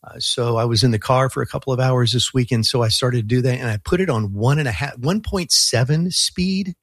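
A man talking as a guest on a Christian radio show, in relaxed and thoughtful casual talk, with many fillers and restarts and frequent chuckles. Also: medium pitch, brisk, dry recording, clean studio sound. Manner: chuckles often while talking.

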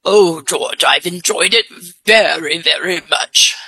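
A woman with a deep-pitched voice and a put-on English accent, a mystery guest on a radio guessing game who answers hesitantly with many fillers. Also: takes it slowly, gravelly, bright, forceful tone, slightly rough, dry recording.

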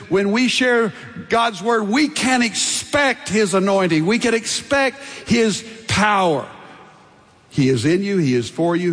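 A man's voice: high-pitched, a bit bright, long reverb tail. An older man preaching a sermon as pastor, emphatic, building through repeated lists and stressed phrases.

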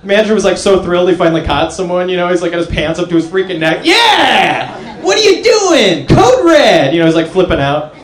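A young man performing a stand-up comedy set, telling stories with deadpan punchline pauses. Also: sits high. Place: comedy club stage. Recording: echoey room, audience laughing. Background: crowd laughter.

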